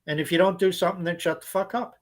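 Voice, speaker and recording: A man's voice: sits high, steady tone, fast talker. A man co-hosting a podcast, ranting bluntly and swearing freely in casual chat. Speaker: podcast co-host.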